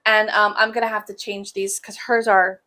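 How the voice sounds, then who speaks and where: A woman's voice: mid-range voice, flat delivery, moderate pace, pushed and bright. A young woman hosting a casual cross-stitch show, chatting in a joking, sarcastic way and laughing often. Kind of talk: casual chat.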